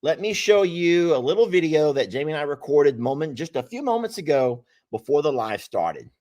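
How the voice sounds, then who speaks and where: Man, live-stream host, casual chat, animated and teasing, pitch swinging widely. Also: moderate pace, slight background noise. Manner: animated, teasing, laughs often. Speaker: livestream host.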